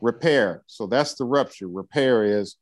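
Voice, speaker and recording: A man's voice: mid-range voice, a little slow, no room sound. A man coaching a client, encouraging and preacher-like, often checking in with "right?". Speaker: life coach. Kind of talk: coaching session interview.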